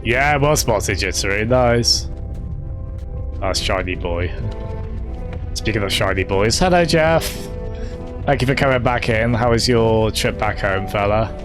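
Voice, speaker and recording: A man's voice: lowish voice, unhurried, long pauses, music in the background. A man giving live commentary on a game, chatting with viewers and laughing often. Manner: chatty, laughs often, talks to chat by name. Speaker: game streamer.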